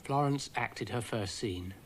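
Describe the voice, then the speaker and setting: A man's voice: mid-range voice, measured pace, slight background noise. A man narrating a cartoon storybook in a dry, wry manner.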